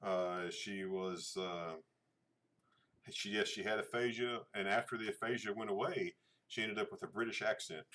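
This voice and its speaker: A man's voice: lowish voice, fairly even intonation, normal speed, fairly bright tone. A middle-aged man, chatting casually to a livestream audience, rambling with many fillers and restarts. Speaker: channel host. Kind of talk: casual livestream chat showing photos.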